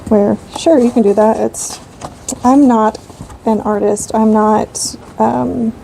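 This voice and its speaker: A woman's voice: fairly high pitch, fairly even intonation, slow, creaky, dark tone, a little hiss or hum, poor audio. A woman in her thirties chatting casually while she colors, rambling with lots of fillers. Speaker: coloring channel host.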